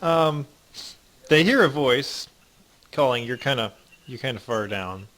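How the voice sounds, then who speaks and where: Bright-voiced young man running a game. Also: mid-range voice, lively intonation. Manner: halting, many ums, voices gruff figures in passing. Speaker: dungeon master. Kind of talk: narrating a tabletop game.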